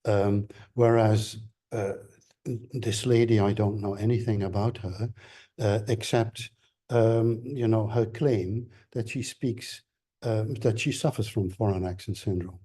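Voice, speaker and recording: A man lecturing at a seminar, slow to find his words, full of ums and restarts. His voice is lowish, dark and a little husky. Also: fairly even intonation. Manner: hesitant, many fillers and restarts. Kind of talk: academic seminar talk.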